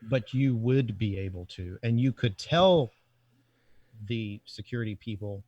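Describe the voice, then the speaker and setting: A man's voice: lowish voice, animated, measured pace, darkish tone, dry recording, muffled recording. A man hosting a podcast interview, asking probing questions and rephrasing them to press the point. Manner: probing, restates his questions. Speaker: podcast host.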